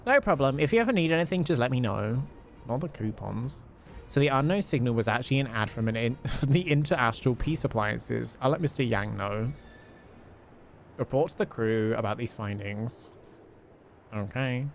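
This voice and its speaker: A man's voice: mid-range voice, normal speed, a little hiss or hum. A man streaming a game live, chatting casually with lots of fillers and laughs.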